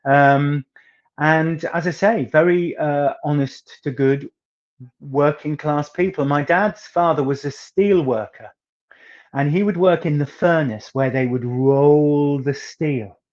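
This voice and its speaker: A man with a soft northeast English accent and a fairly high voice, telling chatty stories in an interview. His emphasis turns theatrical at times. The audio is slightly muffled and lo-fi. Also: slow pace. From northeast England. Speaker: singer guest.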